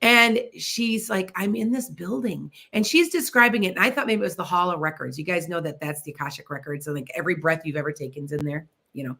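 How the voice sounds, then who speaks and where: A woman from the Midwestern US hosting a psychic radio show, telling stories in a chatty, animated way and speaking straight to her listeners. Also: lowish voice, quick pace, vocal fry, few pauses. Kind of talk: casual storytelling on internet radio.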